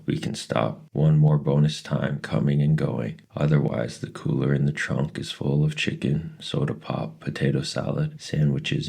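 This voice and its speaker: A man reading aloud voices a mother calmly laying out a careful family travel plan, in a very deep, creaky voice. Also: full character voice. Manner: orderly, practical, explaining. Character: organized, careful mother planning a family trip.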